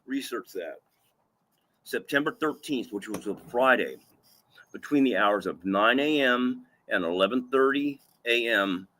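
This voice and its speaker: A man's voice: lowish voice, a bit bright. Rambling, profane man telling a story. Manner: rambling, profane, with restarts and fillers; emphatic, repeats himself. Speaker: vlogger recounting a personal story. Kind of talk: casual first-person storytelling.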